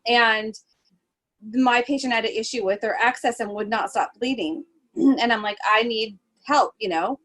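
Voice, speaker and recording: A woman in relaxed podcast conversation, talking in a lively, animated way with many ums and bursts of laughter. Her voice sits a little high for a woman. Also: normal speed, low-quality recording. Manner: animated storyteller, laughs often, many fillers. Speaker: podcast host, holistic travel nurse. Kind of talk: casual chat.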